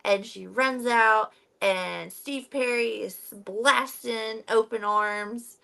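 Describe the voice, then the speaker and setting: A woman co-hosting a book club podcast, retelling a novel's opening in a relaxed chat and acting out the characters' lines. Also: a little high, slow pace, gravelly. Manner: relaxed storyteller, acts out the characters' quotes.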